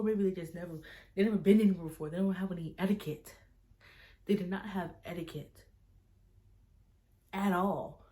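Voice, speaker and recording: A young woman with a slightly low-pitched voice tells a story to her camera. She talks casually, scatters "like" through her sentences and slips into other people's lines as she retells the conversation. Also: a little mellow. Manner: casual, fills speech with "like", retells dialogue in quoted voices. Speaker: vlogger.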